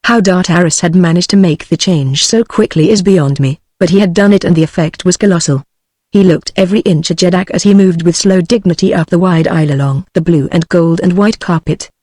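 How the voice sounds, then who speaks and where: A text-to-speech voice of a British woman reading a novel aloud in first person, with a steady machine cadence. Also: fairly low pitch, a little fast, dry recording. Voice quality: synthetic, even machine cadence. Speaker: audiobook narrator.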